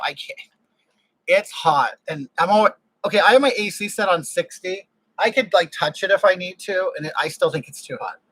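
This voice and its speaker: A man hosts a casual home livestream and greets viewers in a gushing, exclamatory way. His voice sits high and sounds bright. The microphone catches it close and dry. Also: no room sound, rough recording. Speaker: livestream host. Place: home room with air conditioning. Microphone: desk microphone.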